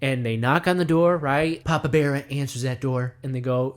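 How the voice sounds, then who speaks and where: A man's voice: mid-range voice, steady tone. Guy rambling thru a satirical monologue, talks about himself in third person, tons of rhetorical questions. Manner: acts out voices in quick asides. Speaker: comedy video essayist.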